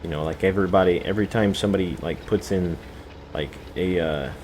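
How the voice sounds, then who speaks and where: Deep-voiced joking game streamer man. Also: brisk, a little mellow, a little hiss or hum, poor audio. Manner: joking, self-mocking, many "you know" fillers. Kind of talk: rambling live-stream chat. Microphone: desk microphone, no camera.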